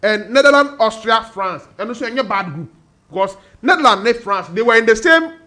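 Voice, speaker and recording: A man's voice: high-pitched, animated, a little fast, sharp tone. A man with a Ghanaian accent analysing football on a radio sports panel, switching between Twi and English and reeling off team names. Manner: mixes Twi and English, lists teams in bursts.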